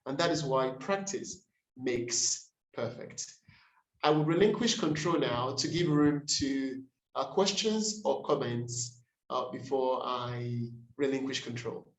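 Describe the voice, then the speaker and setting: A man leading a pronunciation workshop on a video call, saying each word slowly and repeating it to model the stress. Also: medium pitch, expressive, roomy sound, low-quality recording. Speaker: workshop facilitator. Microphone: computer mic on a video call.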